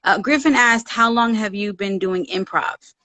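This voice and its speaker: A woman's voice: medium pitch, moderate pace, bright, forceful tone, no echo. A woman hosting a live Q&A, a bit flustered, reading out viewer questions. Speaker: host and director. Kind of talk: casual livestream interview.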